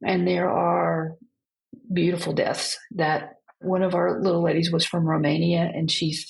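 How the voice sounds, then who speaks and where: Low, gravelly-voiced woman telling gentle stories. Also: flat delivery, poor audio. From United States. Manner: gentle, unhurried storytelling with pauses. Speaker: end-of-life counselor and guest. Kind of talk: reflective podcast conversation.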